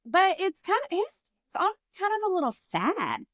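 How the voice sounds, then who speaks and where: A woman's voice: very high-pitched, huge pitch swings, normal speed, a bit bright, no echo. A woman co-hosting a casual book podcast, animatedly retelling scenes and quoting the characters' lines. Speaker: podcast co-host.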